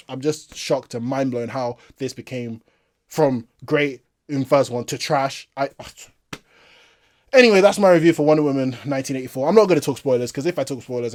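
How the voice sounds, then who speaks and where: Animated, exasperated solo movie reviewer. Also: medium pitch. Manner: exasperated, repetitive, quick to laugh. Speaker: movie reviewer, channel host. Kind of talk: casual solo video review.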